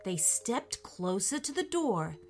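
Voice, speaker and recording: A woman narrating a children's story with an expressive, animated reading. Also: mid-range voice, takes it slowly, soft background music.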